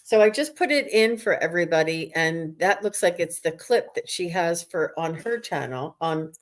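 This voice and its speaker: A woman with a slightly low voice hosts a live chat over a video call. She talks casually and enthusiastically and keeps greeting her viewers. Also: animated, moderate pace. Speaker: psychic medium host.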